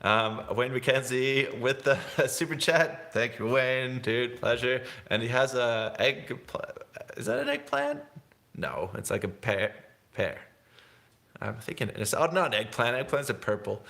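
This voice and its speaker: A man's voice: medium pitch, sing-song, unhurried, creaky, pushed and bright. A young man from England, hosting a casual snowboard livestream, chatting in a rambling, laid-back way with frequent laughs. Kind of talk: casual live-stream chat.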